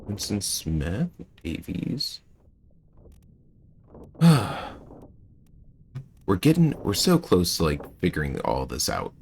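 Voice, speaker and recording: A man streaming a mystery game, thinking aloud and chatting with his viewers in a relaxed way. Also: low voice, slow, vocal fry, long pauses, a little hiss or hum. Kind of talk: casual gameplay commentary.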